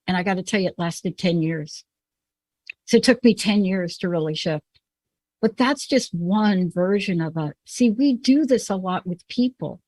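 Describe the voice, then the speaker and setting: A woman's voice: medium pitch, a little mellow, no room sound. A woman host from the Bronx with a New York accent, talking emphatically and telling personal stories in a conversational show. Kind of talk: conversational podcast talk.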